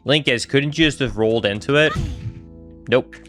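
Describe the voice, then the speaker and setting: A young man streaming a live playthrough, chatting excitedly and reacting aloud to the game and his chat. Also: medium pitch, normal speed, music in the background. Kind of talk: live gameplay commentary.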